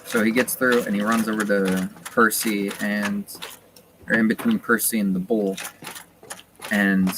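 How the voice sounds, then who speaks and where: A man's voice: on the low side, measured pace. A man streaming a game in casual chat, retelling a story in a rambling way with many fillers. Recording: loud steady background noise.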